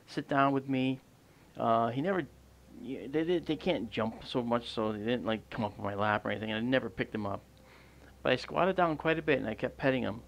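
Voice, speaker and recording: A man's voice: medium pitch, creaky. A man hosting an astronomy livestream, telling a long casual anecdote outdoors at night, rambling with fillers and restarts. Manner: rambling, many fillers and restarts, animated quoted dialogue.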